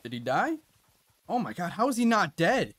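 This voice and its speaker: A man streaming a hunting game live, chatting to viewers and reacting out loud to what happens on screen. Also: sits high, sing-song, moderate pace. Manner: chatty, reacts loudly with laughs and gasps. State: out of breath at times. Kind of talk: live gameplay commentary.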